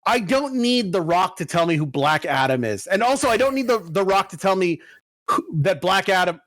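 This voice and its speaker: A man's voice: sits high, animated, a bit bright, no room sound, studio quality. Ranting man on a podcast mic. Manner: ranting, profane, quick asides. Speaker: podcast co-host. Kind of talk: casual podcast chat. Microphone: close podcast mic.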